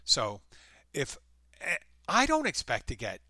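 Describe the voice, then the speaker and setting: A man's voice: medium pitch, wildly swooping pitch, a little slow, bright, forceful tone, no echo. A man from the United States, hosting his own podcast in a casual, rambling monologue full of restarts and self-corrections. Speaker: podcast host.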